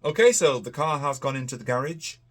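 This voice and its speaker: A man's voice: mid-range voice, animated, a little fast. A tired man, chatting casually to camera in a rambling, easygoing vlog. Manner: rambling, easygoing, many fillers. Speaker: vlogger.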